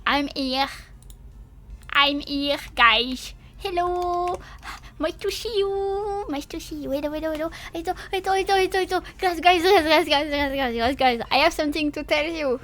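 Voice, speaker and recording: A woman's voice: high voice, fairly even intonation, moderate pace, fairly bright tone. A woman streamer in casual live chat, giggly and apologetic, hesitant with many fillers, talking while she eats and drinks. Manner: talks while eating and drinking.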